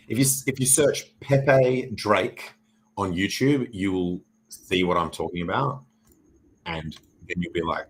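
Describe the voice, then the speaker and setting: A man's voice: low-pitched, steady tone, unhurried, rough recording. An Australian man hosting a livestream, talking through crypto charts in a rambling, jokey and profane way. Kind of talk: casual livestream chart commentary.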